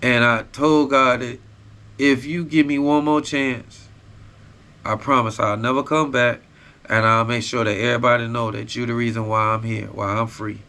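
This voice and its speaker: A man hosts a podcast and tells a hard personal story in blunt, profane street talk. His voice is bright and mid-pitched, and he keeps checking in with the listener as he goes. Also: level tone, normal speed, clean tone. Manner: raw, profane street storytelling with repeated tag phrases. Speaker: podcast host. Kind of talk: casual storytelling.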